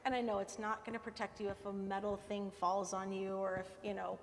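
A woman preaching a sermon in a warm, conversational way, often checking in with her listeners. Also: medium pitch, flat delivery, fairly quick. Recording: long hall reverb.

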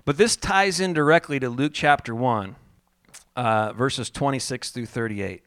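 A man's voice: mid-range voice, unhurried, fairly bright tone, clean tone, no room sound, studio quality. A man preaching a sermon, calling out for the congregation to repeat after him, laughing often and telling stories with animation. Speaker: pastor.

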